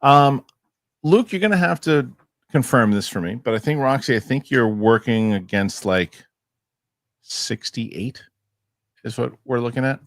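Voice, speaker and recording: A man's voice: medium pitch, lively intonation, a little slow, long pauses, no echo, clean studio sound. A man hosting a casual podcast chat, jokey and rambling. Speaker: host. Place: New York studio.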